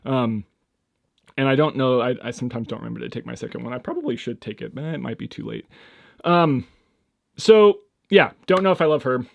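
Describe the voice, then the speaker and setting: A young man talks through a casual solo podcast with a medium-pitched voice in a dry, close recording. He rambles and hesitates, restarting his sentences often. Now and then he jumps into sudden high, excited bursts. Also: a little fast, gravelly, no echo. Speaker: podcast host.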